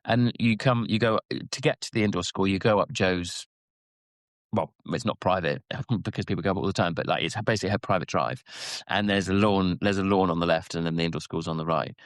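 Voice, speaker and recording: A man co-hosting a casual podcast chat, telling stories with halting restarts. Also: dry recording, clean studio sound. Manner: rambling storyteller, halting restarts, squeaky quoted voices. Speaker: podcast co-host.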